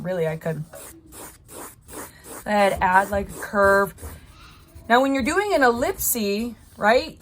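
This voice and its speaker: A woman teaching a drawing lesson as she sketches, speaking in an encouraging, thinking-aloud way. Her voice sits at an ordinary pitch, with a faint hiss of noise behind it. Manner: encouraging, talks while drawing. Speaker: art teacher. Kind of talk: live drawing tutorial.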